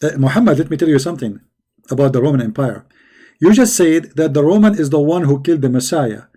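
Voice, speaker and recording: Man, debate host, mocking and combative, slightly high voice, dark mellow tone. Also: expressive, fast. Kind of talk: live online debate commentary.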